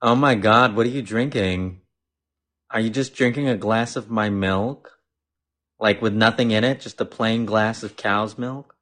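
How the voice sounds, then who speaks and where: A man voicing a skeptical, judgmental young cow in a comedy sketch, talking fast and incredulous. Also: on the low side, fairly bright tone, voice pushed down.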